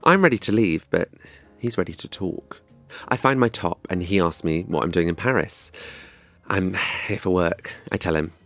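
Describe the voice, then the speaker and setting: Low, gravelly young man, wry storyteller. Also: lively intonation, moderate pace, a bit bright, faint music behind. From England. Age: young adult. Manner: wry, dry, self-mocking. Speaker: comedian telling a story. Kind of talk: scripted comedic storytelling.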